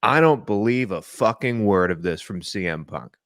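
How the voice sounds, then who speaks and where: A man's voice: lowish voice, lively intonation, normal speed, dry recording, clean studio sound. A man co-hosting a wrestling podcast, bluntly skeptical and mocking, swearing in casual chat. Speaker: podcast co-host.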